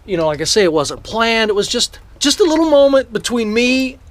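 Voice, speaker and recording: A man's voice: very high voice, very animated, brisk, dry recording. A man vlogging, eagerly retelling a personal story to camera in a rambling way, with the odd swear.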